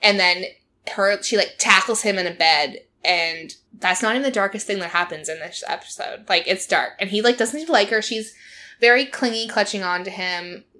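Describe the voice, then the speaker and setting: Bright-voiced woman host telling a story. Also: mid-range voice, normal speed. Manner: animated storytelling, laughs often, many "like" fillers. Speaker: podcast host. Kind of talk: casual chat recapping a reality show.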